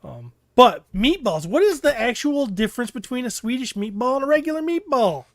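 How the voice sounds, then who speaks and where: Brief: male host, high voice, dry close sound, playful banter. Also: very animated, fairly quick, no echo. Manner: joking, playful. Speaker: podcast host. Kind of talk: casual chat.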